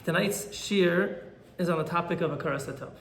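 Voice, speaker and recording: A rabbi gives a Torah class in a high, gravelly voice, telling stories with lively energy and acting out the people in them. The recording is roomy and echoey. A faint hum of ambience sits underneath. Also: male voice, fairly quick. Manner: animated storyteller, acts out quoted characters.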